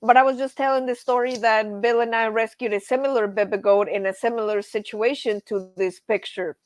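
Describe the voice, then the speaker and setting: A woman's voice: on the high side, brisk, no room sound. Chatty woman host with a dry close sound. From grew up on a ranch. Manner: chatty, reads viewer comments aloud; animated storytelling with laughs. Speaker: livestream host. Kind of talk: casual livestream chat.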